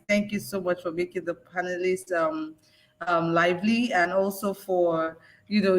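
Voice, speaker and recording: A Nigerian woman moderating an online discussion, calm, measured and conciliatory as she sums up the panel. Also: medium pitch.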